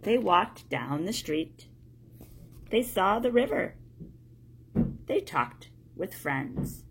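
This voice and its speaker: A woman reading a children's storybook aloud in a plain, steady way, one sentence at a time. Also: medium pitch, drawn-out words, creaky, slight background noise. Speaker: storybook reader.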